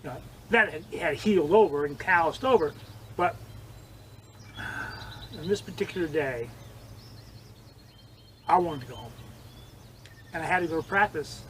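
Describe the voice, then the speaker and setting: An older man telling vivid stories in an interview, acting out quoted lines and swinging between loud and hushed. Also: fairly high pitch, normal speed, long pauses, slight background noise, poor audio. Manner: animated storyteller, acts out quotes, swings loud and soft. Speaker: interviewee, former judo training partner. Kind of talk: storytelling interview.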